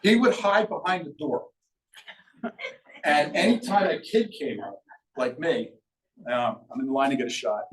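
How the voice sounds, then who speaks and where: An older man from Sea Isle City, New Jersey, telling his own memories to an audience in a lively, conversational way, acting out the voices of people in his story. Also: on the high side, measured pace, long pauses, a little hiss or hum. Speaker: local speaker sharing memories. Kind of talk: public storytelling talk. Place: event room at a museum talk. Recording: roomy echo, mic far off.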